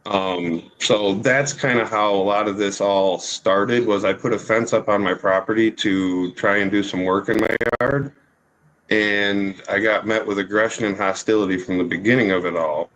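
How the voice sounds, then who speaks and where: A man's voice: on the low side, fairly even intonation, moderate pace, fairly bright tone, poor audio. Rambling, apologetic man in court. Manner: rambling, apologetic, full of fillers. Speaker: litigant testifying in court. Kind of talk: courtroom testimony.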